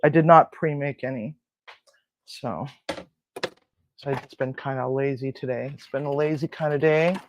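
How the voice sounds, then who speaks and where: A man hosts a relaxed cooking demonstration from his home kitchen, telling crude jokes and padding his rambling with fillers. He speaks at a medium pitch and normal speed in a steady tone with long pauses, over lo-fi sound and a noisy background.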